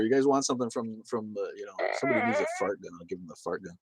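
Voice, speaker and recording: A man's voice: fairly low pitch, quick pace, breathy edge, no room sound. A man hosting a livestream, rambling and swearing as he reads chat comments and laughs along. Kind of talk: casual profane livestream chat.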